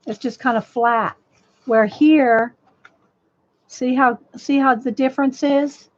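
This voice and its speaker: A woman's voice: high-pitched, fairly even intonation, slow pace, no echo. A woman chatting casually on a live stream as she teaches colored-pencil drawing, rambling with many restarts and talking to viewers by name; her voice crackles a little. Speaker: livestream art host. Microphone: desk microphone. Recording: dull dry lo-fi mic audio.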